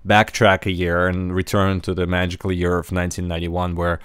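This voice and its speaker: Man, podcast host, very low voice, smooth tone, dry close sound, hesitant with fillers. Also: completely flat delivery, a little fast, a bit bright, no echo. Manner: hesitant, many fillers and restarts. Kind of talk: casual podcast discussion.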